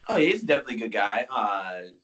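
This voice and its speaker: Profane young man, animated voice. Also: fairly low pitch, quick pace. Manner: casual, profane, laughs along. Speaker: podcast co-host. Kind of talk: casual chat.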